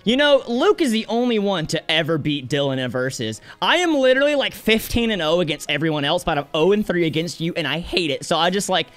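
Excitable high-voiced gamer guy. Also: fast, few pauses. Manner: excitable, rambling, jokey. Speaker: co-host gamer. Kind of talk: casual let's-play chat.

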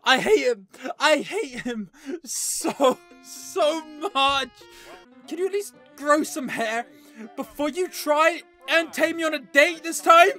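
A woman's voice: sits high, lively intonation, slow, fairly bright tone, faint music behind. A young woman commentating her play of a horror game, panicking, laughing and swearing at it. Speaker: gaming YouTuber.

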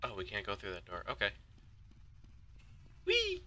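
A teenage boy giving live commentary over shooter gameplay, excitable, yelping and swearing at the game, with jokey mock-dramatic asides. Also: on the low side, racing, a little hiss or hum. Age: teens. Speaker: gaming YouTuber.

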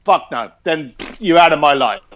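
Interview guest: man with a high voice, blunt, animated storyteller, swears. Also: moderate pace, a little hiss or hum. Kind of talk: casual storytelling.

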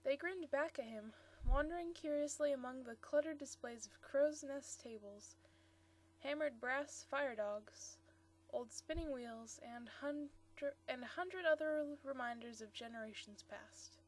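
A woman's voice: sits high, measured pace. A woman reading a short story aloud, stumbling now and then and correcting herself. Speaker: story reader.

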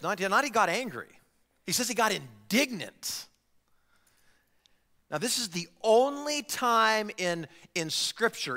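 Lively, bright-voiced male pastor preaching. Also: high voice, long reverb tail. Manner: animated, asks the congregation direct questions. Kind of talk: sermon. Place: church sanctuary.

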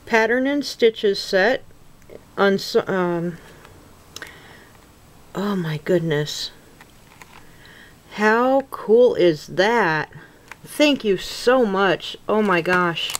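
A woman's voice: mid-range voice, animated. A middle-aged woman crafter chatting to camera as she unboxes a gift package, gushing, gasping and close to happy tears. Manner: slow, gushing, gasping and near tears with gratitude. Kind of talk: casual unboxing chat to camera.

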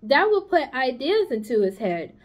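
Charlotte, a woman doing a gentle clever spider. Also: high-pitched, big pitch swings, normal speed. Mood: coaxing. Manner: patient, coaxing, giving orders kindly. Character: gentle, clever female barn spider, patient. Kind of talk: storybook read-aloud.

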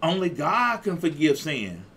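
A man's voice: on the high side, very animated, measured pace, a bit bright, slightly rough. A man in his fifties preaching a sermon as pastor, exuberant and repetitive, calling out to his listeners. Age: 50s. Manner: exuberant, call-and-response preaching with repeated phrases.

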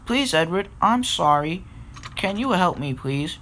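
A man's voice: big pitch swings, a little fast. A man voicing a spirited, headstrong young female tank engine in a fan-made storybook reading. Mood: pleading. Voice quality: high bright put-on voice. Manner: chirpy, headstrong.

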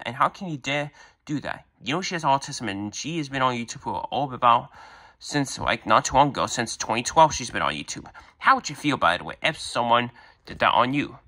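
A man's voice: mid-range voice, sharp tone. Man doing a stern scolding cartoon dad. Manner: scolding, lecturing.

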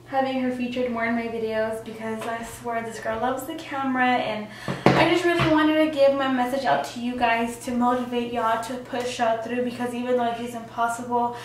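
A woman's voice: a little high, steady tone, normal speed, distant mic, noisy background. Chatty young woman in echoey room. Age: young adult. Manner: chatty, many fillers, acts out quotes. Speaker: vlogger. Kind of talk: personal story vlog.

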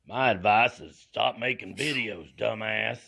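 A man's voice: fairly low pitch, a little slow, gravelly, pushed and bright, breathy edge, exaggerated voice. A man voicing a scornful ex-wife who mocks and insults him. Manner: insulting, mocking. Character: taunting scornful ex-wife, woman.

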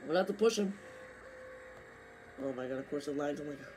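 A young gaming streamer, losing his voice, gives live commentary over a racing game in a high, strained voice, talking a little fast. He grumbles at other players and erupts into excited yelling, over a faint hiss.

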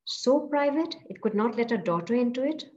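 A woman's voice: fairly high pitch, lively intonation, a little fast, darkish tone, muffled recording, close to an everyday voice. A woman reading as a hurt, defiant young woman.

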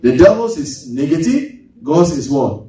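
A man's voice: a little high, big pitch swings, measured pace, dark tone. A man preaching a sermon as pastor, asking the congregation rhetorical questions and drawing responses. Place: church sanctuary. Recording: echoey church hall, from far off.

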